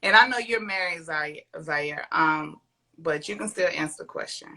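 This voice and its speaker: A woman's voice: sits low, moderate pace, pushed and bright. A woman hosting a casual podcast, frank and blunt as she asks questions. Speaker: podcast host.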